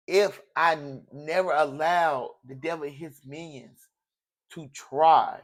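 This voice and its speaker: A man's voice: on the high side, takes it slowly, long pauses. A man giving a casual tarot reading in an emotional, preachy way, often repeating phrases. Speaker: tarot reader.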